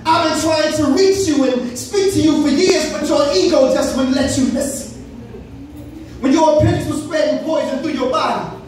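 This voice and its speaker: A man voicing God as a patient, fatherly figure who calmly admonishes, heard echoing from far off in a hall. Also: extremely high pitch, slight background noise. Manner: calm, admonishing, measured.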